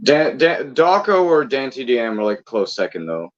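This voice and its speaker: A man talking casually on a stream, rambling from thought to thought with a lively, swinging pitch. He laughs easily and swears offhand. The sound is dry and a little dull, like a cheap mic. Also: moderate pace, no echo. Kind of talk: casual chat.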